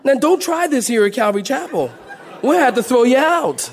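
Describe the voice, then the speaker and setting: A high-voiced middle-aged man preaching a sermon. He tells folksy stories, stumbles over restarts and repeated words, and breaks into acted-out moaning. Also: big pitch swings, normal speed. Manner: folksy storytelling preacher, acts out moaning church ladies. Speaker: pastor.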